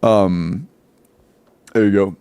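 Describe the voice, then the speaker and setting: A man's voice: on the low side, fairly even intonation, very slow, a little mellow, smooth. Chatty young man streaming. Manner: chatty, laughs often, rattles off game stats. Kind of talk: casual live-stream chat.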